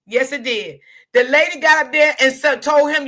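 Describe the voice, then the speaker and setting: A woman hosting a casual livestream commentary channel, talking straight to her chat, loud, profane and often laughing. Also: sits high, moderate pace, slight background noise.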